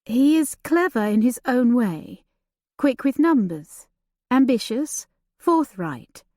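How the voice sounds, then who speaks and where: A woman voicing a timid young governess who speaks hesitantly and quietly. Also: a little high, sing-song, takes it slowly, dry recording, studio quality.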